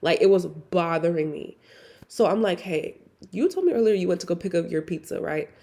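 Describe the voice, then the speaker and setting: Young woman, podcast host, casual storytelling, gravelly creaky voice, blunt and chatty. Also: on the low side, expressive, a little fast, mellow. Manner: candid, profane, conversational with many "like" fillers.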